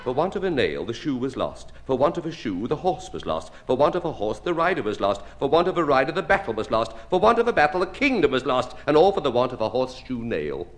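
A man's voice: mid-range voice, very animated, fast talker, hardly any pauses, faint music behind. A man reciting nursery rhymes and tongue twisters in a rhythmic, playful way.

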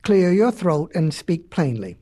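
A storyteller voicing a pompous, boastful father bullfrog in a children's tale, talking down to his sons, with a husky, slow delivery. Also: mid-range voice, big pitch swings, dark tone, pitched below the performer's own voice. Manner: blustering, bragging and condescending.

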